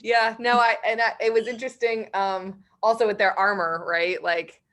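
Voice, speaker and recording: A woman's voice: medium pitch, flat delivery, moderate pace, a bit bright. A woman co-hosting a show, chatting casually, laughing often and checking in with "right?". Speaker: podcast co-host. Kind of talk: casual chat.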